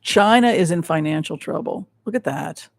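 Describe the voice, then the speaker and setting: A man running a psychic tarot livestream, speaking in a rambling, emphatic way and often restarting his sentences. His voice is high and gravelly. It is recorded close and dry, with no room echo. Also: moderate pace. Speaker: psychic show host. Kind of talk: livestream tarot and remote-viewing commentary.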